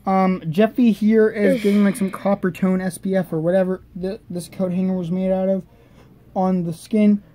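A man's voice: high voice, level tone, moderate pace, warm tone. A young man co-hosting a puppet video, rambling offhandedly in casual chat.

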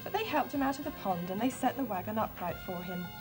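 A woman presenting a children's TV show, reading a storybook aloud and then showing a craft, in an expressive, friendly way. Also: mid-range voice, quick pace, music in the background.

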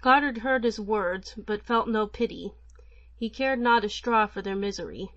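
A woman narrating an old folk tale for an audiobook in a measured, even manner. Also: mid-range voice, no echo, highs cut off.

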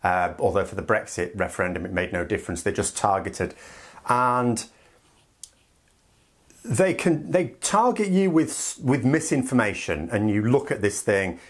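A man from the United Kingdom, giving sardonic, animated political commentary in a casual vlog. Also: fairly low pitch, normal speed. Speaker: political vlogger.

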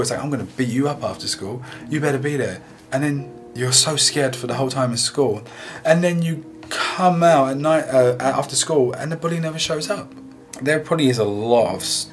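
Earnest low-voiced man, music beneath. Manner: earnest, emotional, halting retelling. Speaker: guest sharing a healing testimony. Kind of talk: personal testimony. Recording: music playing underneath.

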